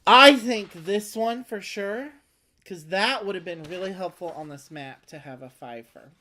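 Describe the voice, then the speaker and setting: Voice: mid-range voice, measured pace, sharp tone, a little hiss or hum. A co-host playing a board game, making teasing asides and laughing often. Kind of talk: casual chat during a game playthrough.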